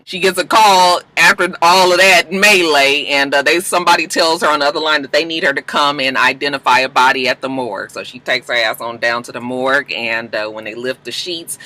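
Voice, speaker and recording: A man's voice: medium pitch, pushed and bright, poor audio. A man recapping TV episodes in a sassy, gossipy, dramatic casual chat. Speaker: TV recap vlogger.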